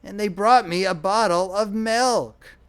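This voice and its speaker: A man's voice: sits high, a little slow, a bit bright, smooth, pitched above the performer's own voice. A man voicing an old man born as a baby, with a cracked, quavering, complaining voice. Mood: querulous. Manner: complaining, peevish. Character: querulous newborn baby who is a cracked ancient old man.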